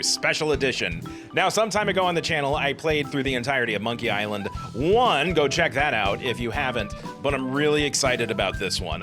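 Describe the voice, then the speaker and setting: Cheerful middle-aged man doing game commentary. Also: mid-range voice. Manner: enthusiastic, chatty, quick jokes. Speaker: let's play host. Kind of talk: gaming commentary. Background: game music.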